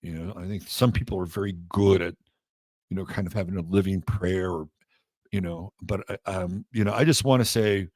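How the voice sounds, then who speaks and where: A man hosting an astrology show, talking casually in a halting way with many fillers and restarts. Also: low voice, fairly even intonation, darkish tone, no room sound. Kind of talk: casual spoken monologue.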